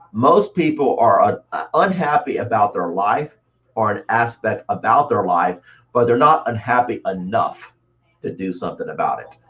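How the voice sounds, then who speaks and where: A man who is the guest on an interview show, talking about sales and mindset with lively, acted-out stories. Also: on the low side. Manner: animated storyteller, acts out voices. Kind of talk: motivational interview talk. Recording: dull lo-fi audio.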